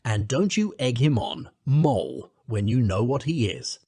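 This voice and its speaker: A man's voice: medium pitch, animated, unhurried, warm tone, breathy edge, no room sound, clean studio sound. Man doing a thoughtful sensible rat. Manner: reflective, reasoning.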